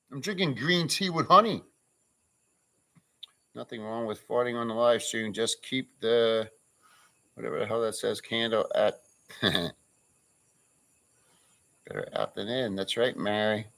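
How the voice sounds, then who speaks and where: A man's voice: lowish voice, a little slow, pauses often, sharp tone. A man chatting casually on a live stream, joking crudely and reading out viewers' names. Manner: crude joking, reads chat names aloud. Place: farm pen with a pig.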